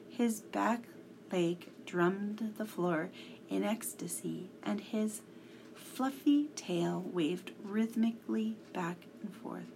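Slow, gravelly woman reading a story. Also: mid-range voice, darkish tone, a little hiss or hum. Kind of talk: reading a children's story aloud.

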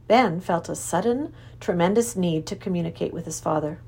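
A woman narrating a storybook aloud in an expressive, lively way. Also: fairly low pitch, moderate pace, creaky, hardly any pauses, slightly rough.

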